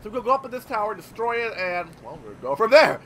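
A man's voice: high-pitched, big pitch swings, quick pace, sharp tone. A man hosting his gaming channel, rambling in casual gameplay commentary with lots of swearing and filler words.

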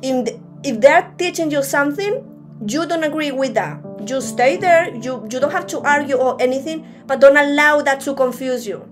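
A woman's voice: sits high, moderate pace, faint music behind. A woman preaching a sermon at a church service in a conversational way, often restarting her sentences.

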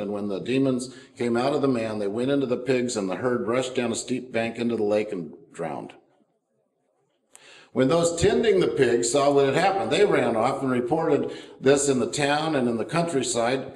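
A man's voice: medium pitch, darkish tone, reverberant, low-quality recording. A man preaching a sermon as pastor, in an easygoing, conversational way with asides and fillers. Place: church.

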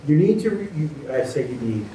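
A man's voice: a little high, sing-song, a little fast, noisy background. A man, a consultant, giving a presentation to community leaders, plainspoken and emphatic, repeating key words for stress. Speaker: economic development consultant. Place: meeting room. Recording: echoey meeting room from far off.

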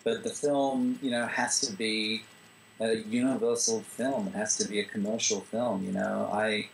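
A man from Australia talks through his views in an interview, with a low voice that rasps into fry. He speaks loosely and restarts often, leaning on fillers. A faint noise floor sits under the recording. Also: normal speed, poor audio. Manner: relaxed, full of "you know" fillers and restarts. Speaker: screenwriter and director. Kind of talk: interview answers.

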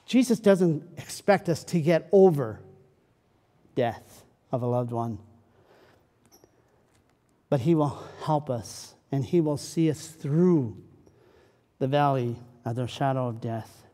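A male pastor delivers a sermon in a high, unhurried voice. He moves from loud, pleading cries to a quiet, slow hush. The sound rings with the long reverb of a church sanctuary.

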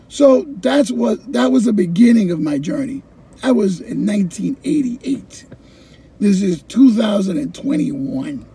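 A middle-aged man, a former ESL teacher, telling his personal story in an animated way, repeating phrases and acting out his own past thoughts. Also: high voice, unhurried, husky.

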